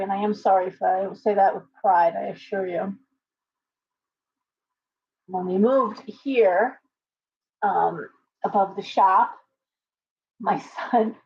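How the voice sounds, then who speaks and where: A middle-aged woman hosting a casual live stream, chatty and rambling, poking fun at herself. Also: mid-range voice. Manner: chatty, rambling, self-deprecating. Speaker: livestream host. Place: home shop with pets. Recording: dull lo-fi stream audio with faint noise.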